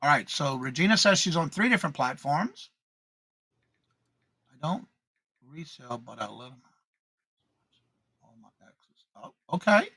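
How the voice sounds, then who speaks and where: A man's voice: a little high, big pitch swings, measured pace, long pauses, bright, forceful tone, husky, no echo. A man co-hosting a morning live stream, chatting casually, reading out viewer comments and greeting each viewer by name with the same welcome.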